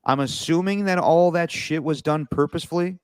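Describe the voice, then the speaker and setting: Relaxed man reading football picks. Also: fairly high pitch, fairly quick, smooth, no echo, clean studio sound. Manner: relaxed, reads matchups then riffs on picks. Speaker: co-host reading out games and picks. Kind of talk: casual sports picks chat. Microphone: video call.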